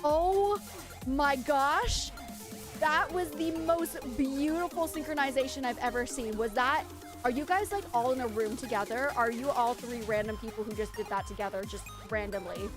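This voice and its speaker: A woman chatting on a gaming stream, excitable and quick to gasp. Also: high voice, music in the background. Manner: excitable, gasping, giggly. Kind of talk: live gaming stream chat.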